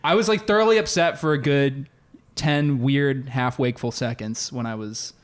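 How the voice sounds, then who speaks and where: A man co-hosting a casual podcast, telling a story in an animated way and laughing often. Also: medium pitch, normal speed, clean tone. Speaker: podcast co-host. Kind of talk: casual chat.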